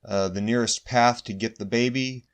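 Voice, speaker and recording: A man's voice: medium pitch, steady tone, moderate pace. A man playing a tabletop game, courteously asking the game master for things and planning his moves aloud. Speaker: player.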